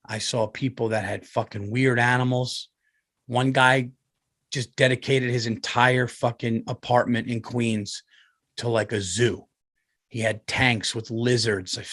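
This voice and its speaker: A man, telling a rambling, profane story on his podcast and loudly acting out other people's voices. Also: mid-range voice, no room sound, clean studio sound. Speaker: comedian and podcast host. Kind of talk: casual storytelling.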